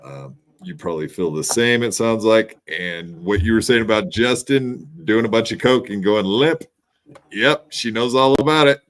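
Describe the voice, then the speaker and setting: Man, podcast host, low voice, blunt, profane, casual chat. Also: normal speed. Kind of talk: casual commentary.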